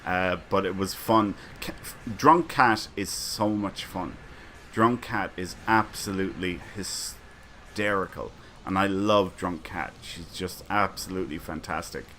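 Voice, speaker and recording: A man's voice: deep voice, a little slow, bright, forceful tone, a little hiss or hum. A man hosting a casual livestream, telling rambling anecdotes full of fillers and chuckles. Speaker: streamer and community host. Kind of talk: casual livestream chat, reading chat comments.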